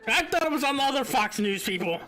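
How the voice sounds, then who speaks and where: A man chatting casually on a gaming livestream, animated and quick to mimic other people's voices. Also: extremely high pitch. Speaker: livestream co-host. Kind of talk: casual chat while gaming.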